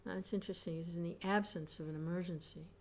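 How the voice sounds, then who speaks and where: Woman, scripture class teacher, reads and comments, reflective, soft hums, lowish voice. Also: fairly even intonation, rapid-fire, slight background noise.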